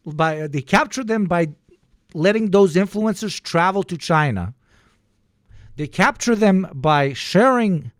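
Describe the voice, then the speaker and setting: A man hosting a live stream, sarcastic and profane as he jokes over clips. His voice sits a little high and swings widely in pitch. The sound is dry and close, with no room echo.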